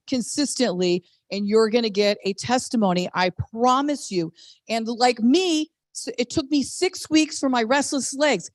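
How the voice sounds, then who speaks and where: Middle-aged woman, highish voice, excitable storyteller on a dry close video call mic. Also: dry recording. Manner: animated, exclamatory storytelling with laughs. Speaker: network marketing presenter. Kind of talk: testimonial on a team video call.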